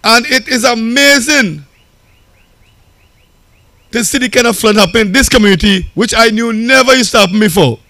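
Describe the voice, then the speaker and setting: A man's voice: very high-pitched, normal speed, pauses often, sharp tone, no echo. A Trinidadian man, a local council chairman, giving a campaign rally speech in a conversational, storytelling way that often repeats phrases.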